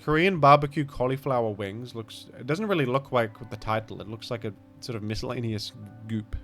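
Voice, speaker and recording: A man with a mild Australian accent rambles through casual game commentary at an ordinary pitch. He keeps apologizing for himself, and his remarks often sink into low, mumbled asides. Faint music plays quietly behind him. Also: fairly quick. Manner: rambling, self-deprecating, trails off into mumbled asides. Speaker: gaming streamer.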